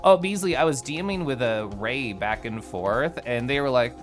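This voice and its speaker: A man streaming live, chatting casually with his viewers and reading their messages in an animated, giggly way with playful swings in his voice. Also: mid-range voice, normal speed, soft background music.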